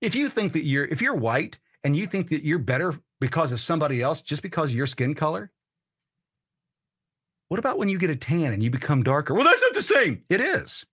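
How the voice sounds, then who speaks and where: A man's voice: on the high side, expressive, a little fast, breathy edge. A man hosting a political commentary show, ranting in a heated, blunt and profane way. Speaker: host.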